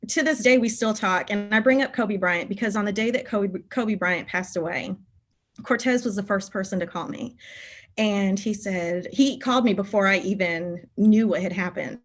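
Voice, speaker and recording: A middle-aged woman speaks as a conference keynote speaker, drawing the listener into heartfelt stories about her former students. Her voice sits at an ordinary middle pitch for a woman. She tells them in an animated, emotional way, and her voice climbs when a memory moves her. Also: normal speed. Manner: animated, emotional storytelling, voice rising when moved.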